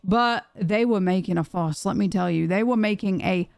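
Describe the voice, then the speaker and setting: A young British woman streaming, telling a story to her chat in a chatty, animated way with plenty of restarts. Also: mid-range voice, moderate pace, vocal fry, no room sound. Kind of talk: casual storytelling to a live chat.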